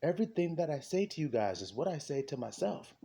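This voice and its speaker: A man preaching an impassioned sermon, fervent and repetitive, with a husky voice. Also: a little high, sing-song, fast talker, dark tone. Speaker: street preacher.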